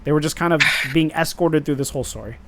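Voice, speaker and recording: A man's voice: on the high side, quick pace, crowd noise. A man co-hosting a podcast, recapping a show in casual chat and acting out characters' lines with laughs. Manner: animated, acts out lines with laughs. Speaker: podcast co-host.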